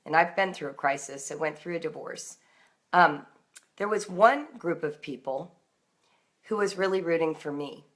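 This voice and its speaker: A woman reading her homeschooling encouragement aloud, then chatting casually with her live audience, gentle and reflective, in her morning voice. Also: fairly low pitch. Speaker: homeschool writer reading her daily book on a live stream.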